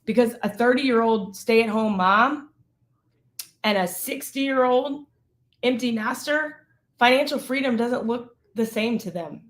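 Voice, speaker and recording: A woman's voice: on the high side, a little slow. A woman in her thirties, a business coach teaching on a live stream, emphatic and checking in with "okay?" and "right?".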